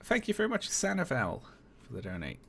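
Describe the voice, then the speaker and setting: A man's voice: mid-range voice, wildly swooping pitch, a little fast, gravelly, fairly bright tone. A man streaming live, chatting casually, chuckling and reading on-screen text aloud with dry remarks.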